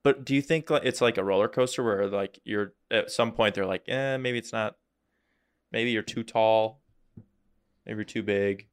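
A man's voice: lowish voice, moderate pace, clean tone. A young man hosting a podcast, chatting casually and joking, acting out imagined conversations. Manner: joking, acts out imagined dialogue. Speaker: podcast host. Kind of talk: casual chat.

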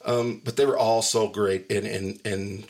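A man's voice: lowish voice, fairly even intonation, unhurried, a little mellow. A middle-aged man hosting a podcast in casual, joking chat, teasing and laughing often. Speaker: podcast host.

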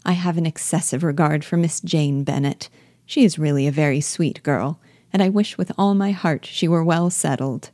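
A woman's voice: deep voice, normal speed, dark tone, no room sound, studio quality, lightly acted. Woman voicing gossipy Mrs Hurst. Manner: gossipy, condescending. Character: gossiping disdainful married lady, Mrs Hurst.

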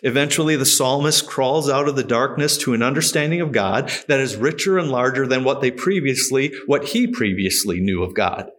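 A man's voice: medium pitch, lively intonation, normal speed, few pauses, a bit bright. A man preaching a sermon, reading scripture aloud and stressing words with feeling. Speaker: pastor.

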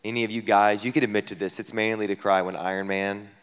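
A man preaching a sermon as a pastor at a camp gathering, talking conversationally with many rhetorical questions, dropping to a hush and then rising loud. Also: lowish voice, flat delivery, quick pace. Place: camp meeting hall. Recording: long hall reverb.

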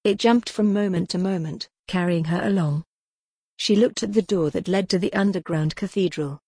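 Woman narrating a dark gothic novel. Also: lowish voice, slightly rough, dry recording, studio quality. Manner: measured, dramatic storytelling. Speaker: audiobook narrator. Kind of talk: scripted narration.

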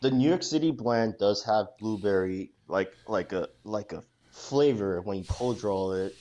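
A man's voice: fairly low pitch, measured pace, warm tone. A man guesting on a casual podcast, easygoing while describing flavors. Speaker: cigar company guest.

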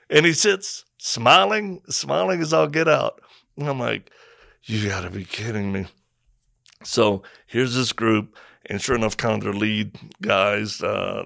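A man's voice: on the low side, gravelly, no echo, clean studio sound. A middle-aged man and former Marine telling stories in casual conversation, acting out quotes and sound effects as he goes. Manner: animated storyteller, acts out quotes and sound effects.

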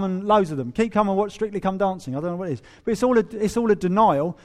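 A man preaching a sermon in a humorous, animated way, acting out quoted voices. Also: high voice, fast, few pauses. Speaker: pastor.

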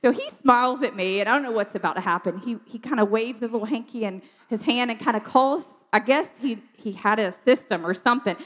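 Woman, conversational testimony speaker, animated, recorded with long room reverb. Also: on the high side, fairly quick, hardly any pauses. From South Georgia, USA. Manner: chatty, animated storytelling with frequent "like" and laughs. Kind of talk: personal testimony talk.

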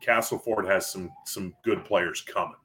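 A man co-hosting a casual high school football podcast, telling stories and acting out quotes. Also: unhurried. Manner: animated storyteller who acts out quotes. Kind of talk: casual sports podcast chat.

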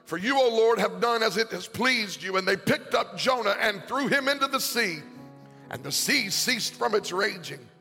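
A pastor preaching a sermon to a congregation in a large church, his delivery rising into a sing-song cadence and shouted peaks. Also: high-pitched, expressive, normal speed. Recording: long hall reverb, faint music.

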